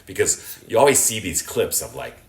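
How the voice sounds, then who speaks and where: A man with a very low American voice tells stories in a relaxed, chatty way, full of "like" and "you know". He acts out fans' shouts with a lot of energy. The room around him is echoey. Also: moderate pace, a little hiss or hum. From Los Angeles, USA. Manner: animated, acts out fans' shouts, many fillers. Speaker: guest, sports host and entertainer. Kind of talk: casual interview storytelling.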